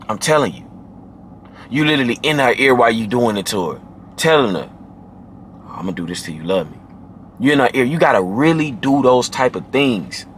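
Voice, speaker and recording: Emphatic slangy man giving dating advice. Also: slight background noise. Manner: emphatic and slangy, often adds "man" and "you feel me"; drops into a deep, low voice when demonstrating. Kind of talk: casual direct-to-camera advice talk.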